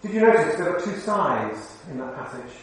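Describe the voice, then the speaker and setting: A man with a fairly high voice preaches a conversational sermon, turning to the congregation with questions. His voice rings through a very echoey hall, picked up from well away from the microphone, with faint room sound behind. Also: big pitch swings, moderate pace. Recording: very echoey hall, mic far off.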